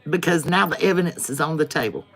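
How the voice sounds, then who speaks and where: A woman's voice: low-pitched, animated, fast, faint music behind. A woman closing a tarot livestream in an emphatic, repetitive, preacher-like way. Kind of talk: spiritual livestream sign-off.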